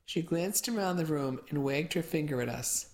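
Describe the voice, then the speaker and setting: A woman narrating a first-person audiobook in a steady storytelling manner. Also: sits low, moderate pace.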